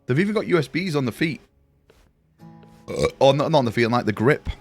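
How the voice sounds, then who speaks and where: A young British man with a mid-range voice and lively intonation chats casually with his live-stream viewers at a fairly quick pace. He swears freely and calls them boys and mate, with faint music playing behind him.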